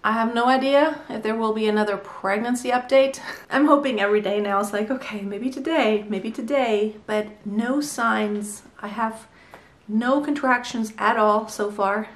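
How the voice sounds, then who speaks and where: A woman in her thirties talks openly to her camera in a casual home vlog, short of breath between phrases. Her voice sits a little high and comes from a distance, with the echo of a bare room around it. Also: fairly even intonation, moderate pace. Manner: chatty, candid, mildly breathless. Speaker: vlogger. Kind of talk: casual pregnancy update vlog. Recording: echoey room, voice from far off.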